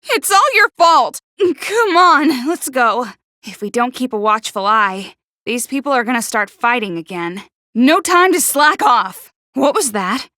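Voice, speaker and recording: Prickly teen girl, game character, high voice, stammers, snappish, dry close sound. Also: expressive, measured pace, bright, forceful tone, no room sound, full character voice. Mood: bickering. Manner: stutters on first sounds when flustered. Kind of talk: video game voice acting.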